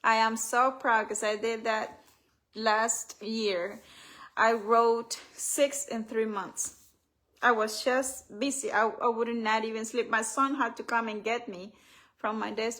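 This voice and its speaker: A woman leading a live spiritual healing reflection, speaking gently, repeating affirmations and reading aloud from her own book. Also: fairly high pitch, steady tone, a little slow. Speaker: author and healing coach.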